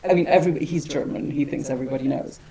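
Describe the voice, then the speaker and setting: A woman with a low, settled voice gives an academic lecture to a room full of people. She talks in a wry, digressive way and hedges often as she thinks aloud. The murmur of the audience is clearly heard behind her. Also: very fast, a crowd in the background, rough recording. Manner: wry, digressive, with frequent hedging asides.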